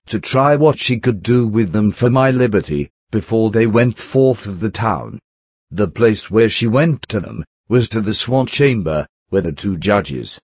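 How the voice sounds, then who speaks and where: A man giving a steady, measured narrated reading of an old text, reading out the speaker tags. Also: fairly low pitch, slightly rough, no echo, clean studio sound. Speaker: audiobook reader.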